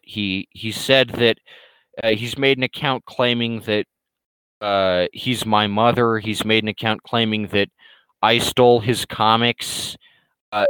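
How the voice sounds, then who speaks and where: A man's voice: fairly low pitch, a bit bright, clear, resonant tone, no room sound, poor audio. A man rambling through casual livestream talk, hesitant and full of restarts as he answers viewer questions. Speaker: streamer and comic creator.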